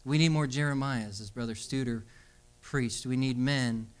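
A man's voice: medium pitch, normal speed, clean tone. A young adult man preaching a sermon. He tells stories and then builds to emphatic calls to stand up for what is right. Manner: storytelling, animated, emphatic exhortation.

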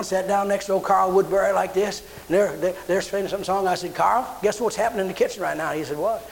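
A man's voice: high-pitched, fast, creaky, few pauses, a little hiss or hum, poor audio. A man preaching a sermon, telling personal stories and acting out the voices in them. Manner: animated storyteller acting out quotes. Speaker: pastor.

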